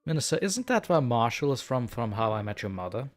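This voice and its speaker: A man's voice: medium pitch, sing-song, fast talker, faint music behind. A man from Europe chatting as a podcast guest, joking and hedging his claims. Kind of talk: casual chat.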